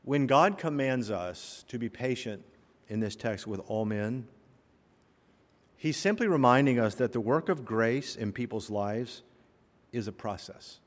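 A man pastor preaching a sermon, telling stories and acting out the people in them, swinging between loud and soft. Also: medium pitch, a little slow. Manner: animated storyteller, voices characters, swings loud and soft. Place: church sanctuary. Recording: long reverb of a hall.

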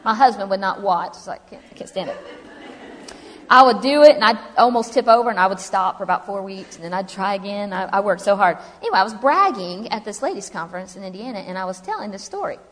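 Woman, humorous testimony speaker, mid pitch, reverberant hall. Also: fast talker, hardly any pauses. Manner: chatty, humorous, animated storytelling. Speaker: speaker telling her story. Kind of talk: personal testimony to a live audience.

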